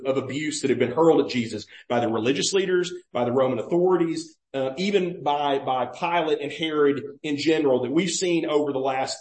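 Male pastor, sermon, conversational and questioning, fairly high voice, roomy church echo. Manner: conversational preaching, explains and questions the listeners. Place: church sanctuary.

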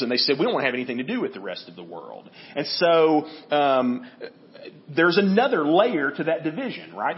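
Lively man preaching, dull lo-fi audio. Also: on the high side. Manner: conversational teaching, frequent "right?" checks. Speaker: pastor. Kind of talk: sermon.

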